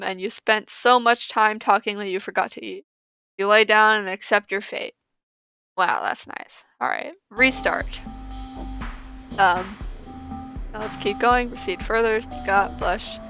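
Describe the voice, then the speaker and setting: A woman plays through a text-based game and reads each passage aloud. She breaks in with giggly, animated reactions and casual remarks. Her voice is bright and sits at a middle pitch, with faint music behind it. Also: a little slow, clean tone, dry recording. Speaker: let's player. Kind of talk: reading a game's text aloud with casual commentary.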